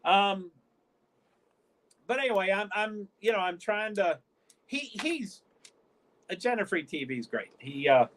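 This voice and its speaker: A man from the northeastern US hosts his own livestream in loose, casual chat. His voice sits fairly high for a man. He wanders from thought to thought, trips over restarts and keeps cutting himself off. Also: lively intonation, measured pace, pauses often, a bit bright, a little hiss or hum. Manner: rambling, stop-start, frequent self-interruptions. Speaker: livestream host.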